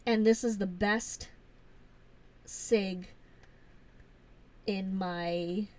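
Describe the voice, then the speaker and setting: A woman's voice: medium pitch, fairly even intonation, extremely slow, a little mellow. A woman hosting a casual live stream, chatty and gushing, with lots of fillers as she shows things off.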